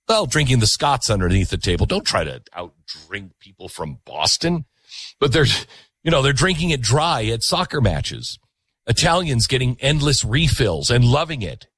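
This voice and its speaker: A man's voice: mid-range voice, no room sound. A man hosting a talk show, delivering an opinionated monologue with emphatic repetition. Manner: animated, emphatic, repeats himself.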